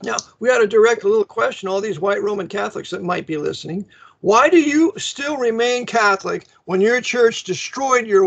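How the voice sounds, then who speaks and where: A man's voice: high-pitched, creaky, fairly bright tone, breathy edge. A man hosting a radio talk show, combative and ranting, with a stream of rhetorical questions. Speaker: host. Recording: dull lo-fi sound.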